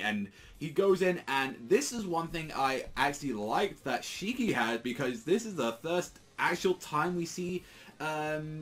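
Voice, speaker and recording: A man's voice: fairly high pitch, a bit bright. A man reviewing a manga chapter in a loose, rambling way, full of fillers and swearing, briefly acting out characters' lines as he retells the scenes. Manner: rambling, lots of fillers and swearing, acts out quotes in passing.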